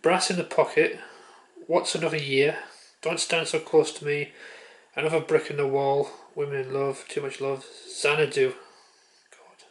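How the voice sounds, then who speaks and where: A man's voice: fairly high pitch, level tone, moderate pace, pauses often. A man vlogging at home, chatting offhand with a handheld camera, muttering and swearing casually. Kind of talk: casual chat.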